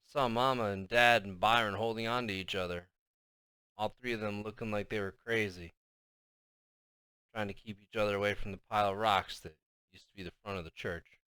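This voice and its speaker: Male narrator, first-person novel read; smooth, bright tone, dry close sound, expressive. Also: lowish voice, fairly quick, no room sound. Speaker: audiobook narrator.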